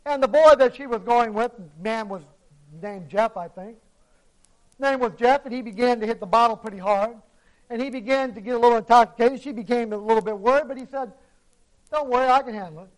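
A man preaching a sermon, telling a cautionary story dramatically, with swings from hushed lines to emphatic ones. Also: extremely high pitch, a little fast, rough recording.

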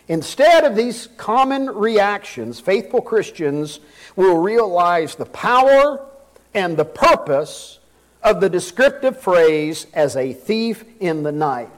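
High-voiced man preaching a sermon. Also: low-quality recording. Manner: asks rhetorical questions and reads scripture aloud.

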